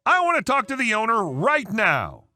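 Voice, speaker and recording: A man's voice: high-pitched, huge pitch swings, moderate pace, pushed and bright, soft background music, exaggerated voice. A man voicing an entitled, demanding middle-aged woman customer.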